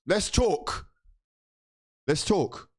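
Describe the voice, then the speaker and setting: Furious sweary young football fan. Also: male voice, high voice, expressive, drawn-out words, slightly rough. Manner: exasperated, sweary, swings between shouting and muttering. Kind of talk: angry fan reaction rant.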